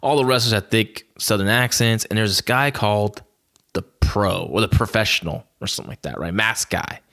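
A man with a fairly low voice chats casually on a wrestling podcast. He rambles through his memories with many fillers and gets animated as he tells them. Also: normal speed, creaky. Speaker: podcast host.

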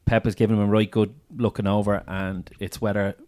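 A man co-hosting a sports podcast, talking about football in an animated, opinionated way. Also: fairly low pitch, a little fast. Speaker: podcast co-host. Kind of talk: casual sports chat.

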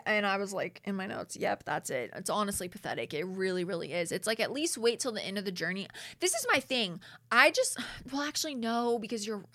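A woman's voice: medium pitch, sharp tone, no echo, clean studio sound. A woman hosting a podcast in casual chat, opinionated and chatty with many filler words. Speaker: podcast host recapping a reality show.

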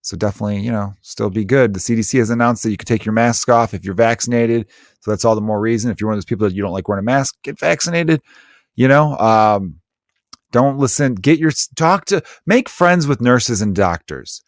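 A man who is a comedian hosting his own podcast, telling stories in an animated, profane way with frequent laughter. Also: mid-range voice, a little fast, no echo, clean studio sound. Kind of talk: casual comedic podcast monologue.

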